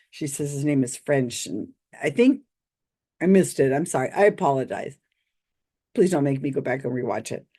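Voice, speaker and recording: Skeptic host, woman, low-pitched, slow, sarcastic commentary. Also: a little mellow. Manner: sarcastic, mocking, with bursts of laughter. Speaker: host reviewing a psychic reading.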